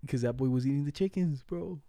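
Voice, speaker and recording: A man's voice: mid-range voice, a little fast, warm tone, no echo, studio quality. A young man telling stories in casual chat, slangy, laughing as he goes and swearing a lot.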